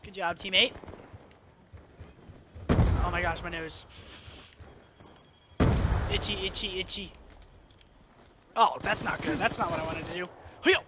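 Young male gamer, high voice, excitable and profane live commentary, noisy game audio under it. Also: normal speed, pauses often. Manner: excitable, swears a lot, flares into frustrated outbursts. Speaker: gamer commentating his own match. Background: game gunfire and effects.

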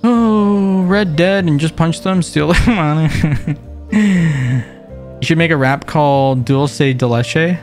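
A man streaming a video game, chatting in a playful, joking way and jumping into excited exclamations. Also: takes it slowly, soft background music. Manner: playful, jokey, bursts into excited high exclamations. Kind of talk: casual gameplay commentary.

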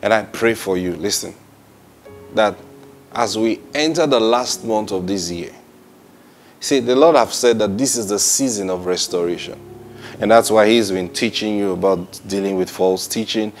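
A man delivers Bible teaching in an animated sermon style. He repeats phrases and drops in short praises between points, with faint music playing quietly underneath. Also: on the low side. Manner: animated and repetitive, often saying "praise God" with short laughs.

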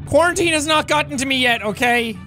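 A man doing loud, goofy commentary while playing a game, excitable and prone to shouting. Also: very high voice, brisk. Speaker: gaming commentator. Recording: game audio and music behind.

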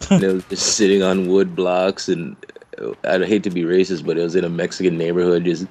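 A man's voice: low voice, little pitch movement, fairly quick, dark tone. A young man being interviewed, telling long rambling stories in a casual, profane, laughing way. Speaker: interviewed clan member. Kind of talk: casual storytelling chat.

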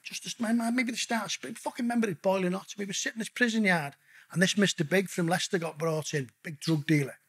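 Husky man telling rowdy stories. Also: high voice, quick pace. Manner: profane, swears constantly; lively anecdotal storyteller, addresses the host as mate. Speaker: guest telling his story. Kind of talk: casual podcast interview storytelling.

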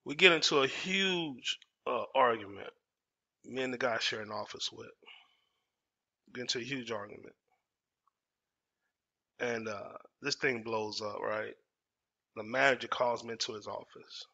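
A storytelling host in his 40s from Dallas, Texas, tells a personal story in casual, emphatic talk, repeating phrases for effect. His mid-range voice is pushed and bright, moving at a measured pace with frequent pauses. The audio is dull and lo-fi.

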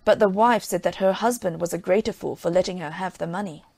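A woman narrating a folk tale in a measured, plain reading style. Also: lowish voice, creaky, darkish tone, dry recording. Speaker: storyteller.

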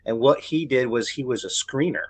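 A man's voice: mid-range voice, brisk, slightly rough. A man, a novelist, telling a story in a casual podcast interview, rambling with many restarts and repeated words. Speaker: novelist guest.

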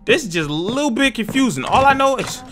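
Jumpy, bright-voiced young man gaming. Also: very high-pitched, quick pace, slight background noise. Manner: jumpy, excitable, slangy, talks to viewers. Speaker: gaming YouTuber. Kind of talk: horror gameplay commentary.

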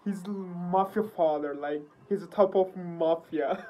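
A woman with hosting a music video reaction, gasping, laughing and swearing excitedly. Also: on the low side, slow, slight background noise.

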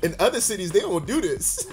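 A man's voice: sits high, very animated, a little fast. A man from Virginia, co-hosting a podcast in casual chat, telling stories in a laid-back way and laughing easily. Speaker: podcast co-host.

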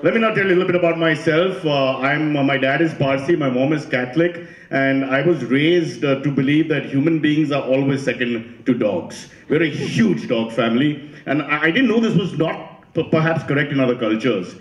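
A man performs stand-up and keeps quizzing and teasing his audience. His voice sits a bit high, and the sound carries a strong room echo. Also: moderate pace. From India. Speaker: comedian. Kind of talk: stand-up comedy.

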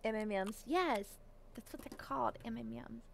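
A woman's voice: fairly high pitch, normal speed, creaky, slight background noise. A woman live-streaming a game, chatting casually and bubbly, giggling and greeting viewers by name. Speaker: Twitch streamer.

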